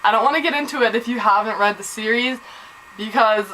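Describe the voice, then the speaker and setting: Young woman book vlogger, excitable and gushing, bright and slightly high voice, faint background noise. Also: fairly quick, rough recording. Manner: gushing, excitable, full of exclamations. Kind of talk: casual chat to camera.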